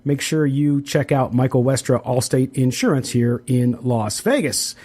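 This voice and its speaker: A man's voice: medium pitch, mellow. Man hosting a casual sports podcast. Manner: conversational, quick sponsor reads with fillers. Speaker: podcast host.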